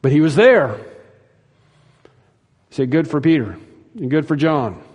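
A man's voice: on the high side, very animated, measured pace, darkish tone, slightly rough, big-room sound. A man preaching a sermon emphatically, repeating phrases for stress and acting out quoted lines. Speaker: pastor.

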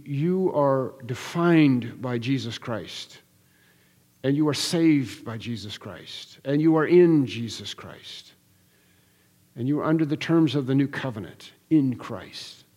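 A man's voice: medium pitch, darkish tone, big-room sound. A man preaching an expository sermon, earnest and emphatic, building through repeated phrases with frequent restarts. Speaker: pastor.

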